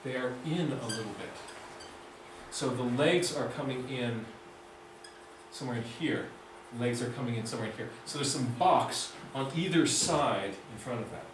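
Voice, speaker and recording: A man's voice: mid-range voice, normal speed. A man teaching a nature drawing class in an enthusiastic, conversational way. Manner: enthusiastic, conversational, acts out inner voices. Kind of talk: lively teaching talk. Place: club meeting room. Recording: echoey room, mic far off, faint hiss.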